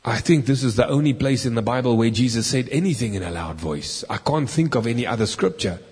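A man preaching a sermon, swinging from loud, emphatic lines to slow, quiet, drawn-out words. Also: mid-range voice, expressive. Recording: husky voice in a hall with long reverb.

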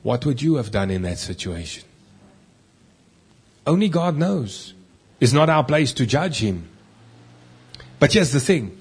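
Male pastor preaching, husky voice, mid pitch, gets loud then drops way quiet for emphasis. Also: sing-song, unhurried, pauses often. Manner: emphatic, swings between loud and hushed. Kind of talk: sermon.

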